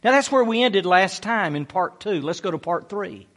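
A man's voice: sits high, animated, moderate pace, a bit bright. A middle-aged man preaching a sermon as a pastor, emphatic and dramatic as he tells stories.

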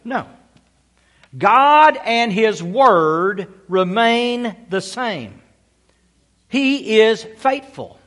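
A man's voice: high voice, expressive, very slow, pauses often, fairly bright tone. A man preaching a sermon as pastor, emphatic and repeating key phrases.

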